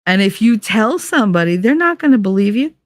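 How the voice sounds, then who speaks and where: A woman's voice: mid-range voice, sing-song, a little fast, no echo, studio quality. A woman hosting a podcast, talking in a casual monologue with blunt, profane emphasis. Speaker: podcast host.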